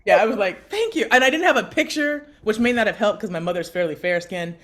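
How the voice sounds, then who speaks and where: A woman in her thirties co-hosting a podcast, telling a story in lively conversation and acting out the voices of people she quotes. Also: quick pace. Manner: animated, acts out quotes with big pitch jumps. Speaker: podcast co-host.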